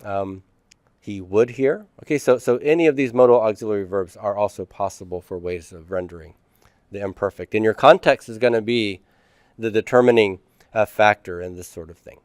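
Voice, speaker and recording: A man's voice: lowish voice, normal speed, a little mellow, dry recording, studio quality. A middle-aged man teaching a class, explaining step by step and asking and answering his own questions. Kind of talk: classroom lecture.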